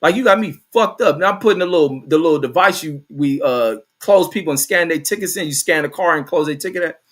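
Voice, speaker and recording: A man's voice: on the high side, quick pace, fairly bright tone. A middle-aged man hosting a show, telling a work story and reading viewer comments aloud, casually and with a lot of cursing. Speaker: host.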